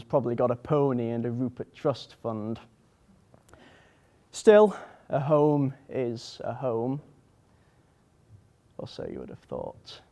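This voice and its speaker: A young actor performing a comic monologue as a wry, sardonic male rescue dog, with dry, deadpan storytelling. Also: mid-range voice, close to an everyday voice.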